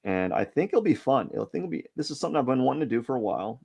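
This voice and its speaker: Rapid-fire and very animated, this man has a medium-pitched voice that is gravelly, mellow and slightly rough. As host of a drawing stream he chatters casually while sketching, rambling, hesitating, second-guessing himself and belittling his work.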